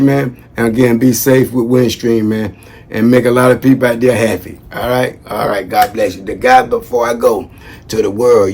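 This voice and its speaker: A man talking casually to his viewers in a lively, laughing vlog. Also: medium pitch. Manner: animated, laughing, talks straight to viewers. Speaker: history vlogger giving shoutouts.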